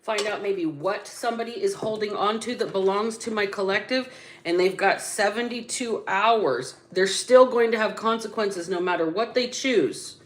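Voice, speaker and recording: A woman's voice: mid-range voice, moderate pace. A woman doing a spiritual tarot reading, blunt and casual, drawing words out with sudden emphatic bursts. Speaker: psychic tarot reader.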